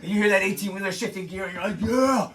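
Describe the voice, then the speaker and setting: A man's voice: sits high, little pitch movement, rapid-fire, crowd noise. A man performing a stand-up comedy set in a living room, retelling a story in a profane, rambling way full of asides. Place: living room with a home-built stage.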